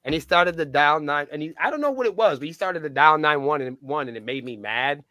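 The speaker is a man who acts as point of contact for a band, cursing freely and playing out dialogue as he tells stories in a relaxed podcast interview. His voice is a little high and brisk, and the recording is dry.

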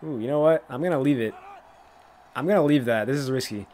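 Excitable man narrating his gameplay. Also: mid-range voice, fairly quick, slight background noise. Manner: thinks aloud, excitable, bursts of laughter. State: voice cracking, coughing. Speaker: gaming YouTuber playing a football video game. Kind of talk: casual gameplay commentary.

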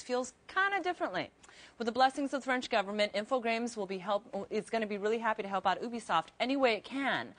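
Bubbly woman reading tech news. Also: a little high. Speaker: news segment presenter.

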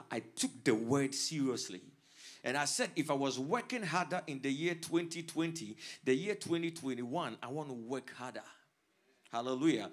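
A man from Africa, a pastor preaching a sermon with fervor that swells in volume. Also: mid-range voice. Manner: fervent preaching that swells in volume, punctuated with "hallelujah". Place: church service streamed online.

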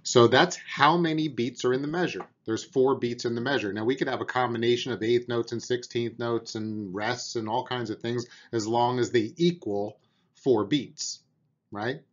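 A man's voice: mid-range voice, moderate pace, dull audio. A man teaching a beginner drum lesson, patiently explaining and counting out beats aloud, with an encouraging manner.

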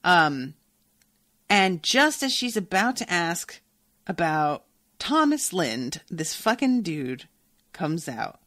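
A woman podcast host reading a novel aloud, breaking off into animated, profane reactions. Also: deep voice, dry recording, clean studio sound.

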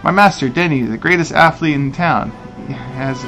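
A man's voice: a little high, normal speed, fairly bright tone, faint music behind, natural voice. A man voicing a boastful, impatient male bulldog in a game, in a brash, scornful way.

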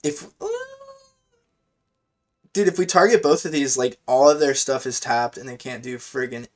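Excitable slangy young-sounding man gaming. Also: mid-range voice, moderate pace. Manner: chatty, slangy, excitable, thinks aloud. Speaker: gaming video host. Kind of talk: casual live gameplay commentary.

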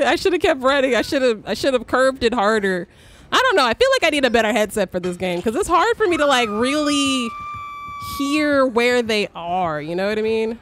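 A young woman streamer giving live gameplay commentary, excitable, swearing and shrieking when startled. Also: fairly high pitch, brisk, slight background noise.

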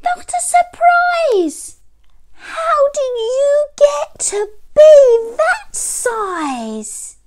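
A woman voicing a small excited boy in a children's storybook, with high squealing amazed cries. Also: extremely slow, heavily acted.

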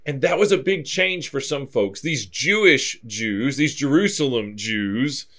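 A man's voice: mid-range voice, unhurried. Man teaching a verse-by-verse Bible class. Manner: explanatory, steady, reads scripture aloud then comments.

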